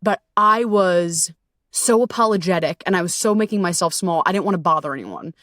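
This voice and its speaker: A woman's voice: on the low side, fairly quick, fairly bright tone, no echo, studio quality. A woman hosting her own podcast, telling a story in a candid, casual way, full of swearing and fillers like "you know" and "like". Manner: candid, profane, conversational with frequent fillers. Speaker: podcast host and self-love coach.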